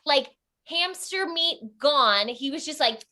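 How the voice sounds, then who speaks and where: A young woman tells a funny story in a bright, forceful voice pitched a little high. She acts out the people she quotes and jumps into sudden squeals. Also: lively intonation, slow. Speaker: storytelling guest. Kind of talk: casual comic storytelling.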